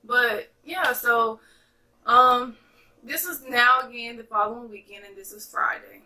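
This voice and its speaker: A young woman from North Carolina telling a chatty, animated storytime to her viewers. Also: on the high side, measured pace, recorded from a distance, low-quality recording. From North Carolina, USA. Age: young adult. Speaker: vlogger. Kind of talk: casual storytime vlog.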